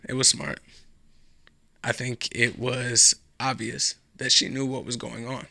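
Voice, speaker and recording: A man hosts his own podcast, riffing alone in a loose, sarcastic and profane ramble. His voice is gravelly with a bright, tense edge. It is recorded close and dry, with no room sound. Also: mid-range voice, steady tone, normal speed, no room sound. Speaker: podcast host. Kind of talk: casual solo commentary.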